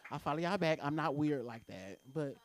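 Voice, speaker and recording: A woman's voice: deep voice, expressive, normal speed, very noisy. A woman doing a brash, profane stand-up set at an open mic in a comedy club.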